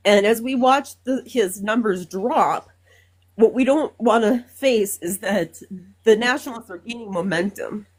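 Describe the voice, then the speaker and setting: Female caller from Minnesota, mid-range voice, earnest, emotional call-in talk. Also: medium pitch. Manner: earnest, emotional, halting with fillers.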